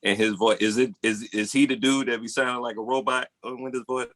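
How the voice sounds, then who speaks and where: A man's voice: mid-range voice, fairly even intonation, fairly quick, fairly bright tone, no echo. A man co-hosting a podcast in casual chat, rambling through stories and laughing as he tells them. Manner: rambling storyteller, laughs while telling. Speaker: podcast co-host.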